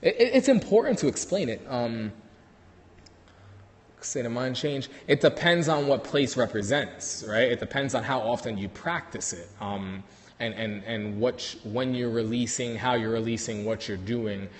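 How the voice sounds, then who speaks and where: A man's voice: mid-range voice, normal speed, long reverb tail. A man with a New York accent, a dog trainer hosting a casual livestream on his phone, talking loosely with many fillers and restarts.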